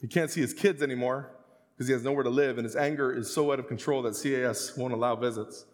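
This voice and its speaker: A man in his thirties preaching a sermon, telling stories and acting out the voices, sometimes rising to a shout. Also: medium pitch, quick pace. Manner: storytelling, acts out quoted voices, rising to shouts. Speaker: pastor. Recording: long hall reverb.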